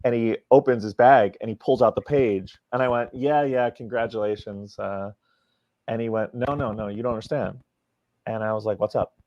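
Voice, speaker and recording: A man's voice: fairly low pitch, fairly even intonation, moderate pace, a little mellow, no echo. A man, a comic book writer guest in a podcast interview, telling a casual anecdote and acting out the quoted dialogue. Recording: dry, dull lo-fi sound.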